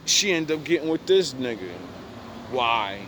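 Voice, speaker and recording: A man's voice: mid-range voice, very animated, a little slow, fairly bright tone, a little hiss or hum. Blunt man telling a street story. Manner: blunt, profane street slang. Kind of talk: casual storytelling.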